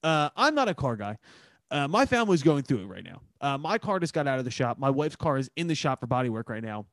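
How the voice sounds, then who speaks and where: A man with a Philadelphia accent hosting a casual podcast chat. He tells stories fast and loose, full of swearing and fillers. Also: mid-range voice, big pitch swings, dry recording. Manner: fast, profane storytelling with lots of fillers. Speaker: podcast host.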